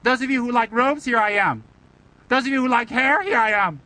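High, bright-voiced playful Buddhist teacher. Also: male voice, fairly quick, poor audio. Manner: playful, teasing, rhetorical questions. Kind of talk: Dharma talk.

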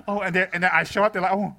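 Man, Buddhist teacher, high voice, humorous talk to students, animated, frequent laughter. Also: fast. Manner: animated, laughing, mimics people in squeaky voices.

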